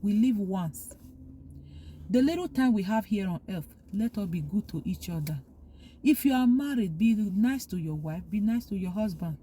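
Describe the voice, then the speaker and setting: A woman's voice: mid-range voice, lively intonation, normal speed, dark tone, a little hiss or hum. A woman vlogger talking earnestly, giving heartfelt advice and repeating her points for emphasis. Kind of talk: casual opinion monologue.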